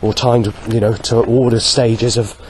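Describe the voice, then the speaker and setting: A man talks through a rambling video diary in a middle-pitched voice, pausing often and filling the gaps with "um". He lists items one by one in a halting, matter-of-fact way. Faint background noise sits under his voice. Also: little pitch movement. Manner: hesitant, many pauses and "um"s, lists things one by one. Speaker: vlogger.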